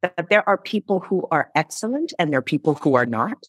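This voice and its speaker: A woman in her thirties, a company founder in a conversational interview, telling lively stories and acting out her own past lines. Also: deep voice, fairly quick, slightly rough, no room sound. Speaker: founder and CEO, interview guest.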